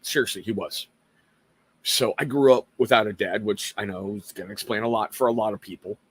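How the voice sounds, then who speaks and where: Speaking a little fast in a husky, lowish voice with no echo, this livestream host is a middle-aged Washington State man. He runs a casual live talk show, talking earnestly to his audience while rambling and poking fun at himself.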